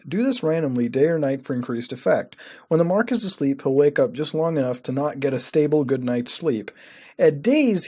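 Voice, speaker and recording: A man's voice: medium pitch, darkish tone, breathy edge. A man hosting a casual commentary video, reading a web page aloud and reacting with sarcastic, profane disbelief. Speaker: host.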